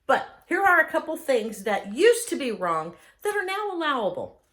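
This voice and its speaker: A middle-aged woman chatting casually as host, an enthusiastic and animated storyteller. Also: high voice, normal speed. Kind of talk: casual chat.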